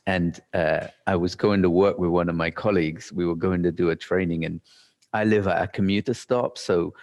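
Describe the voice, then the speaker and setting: A man speaks to a room in a somewhat low voice, telling a story with animation. He acts out his own inner thoughts and often restarts his sentences as he goes. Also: steady tone, moderate pace, darkish tone. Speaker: workshop speaker. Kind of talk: live storytelling talk.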